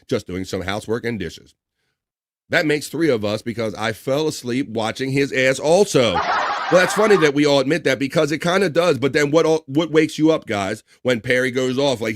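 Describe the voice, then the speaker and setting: A man with a medium-pitched voice hosts a casual livestream talk show, the audio clean studio sound with no room sound. He's chatty, reads viewer comments and chat names aloud, and jokes and laughs often.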